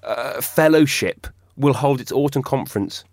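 A man's voice: mid-range voice, normal speed, no room sound. A man presenting topics on a studio radio show in a conversational, wry way. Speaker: radio host. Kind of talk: casual studio discussion. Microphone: studio microphone.

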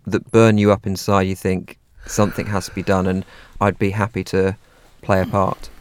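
Low, smooth-voiced male interviewer. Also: little pitch movement, normal speed. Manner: probing, conversational questions. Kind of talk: interview questions.

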